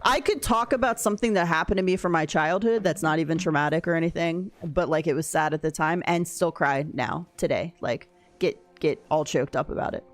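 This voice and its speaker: Woman game streamer, lowish voice, casual chatty delivery, frequent laughter. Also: fairly quick, few pauses, no room sound. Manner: chatty, laughs often, reads and answers chat. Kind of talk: casual chat while gaming.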